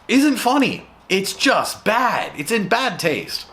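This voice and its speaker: A man's voice: high-pitched, sing-song, measured pace, few pauses, pushed and bright. Exasperated man ranting in a review. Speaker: show reviewer.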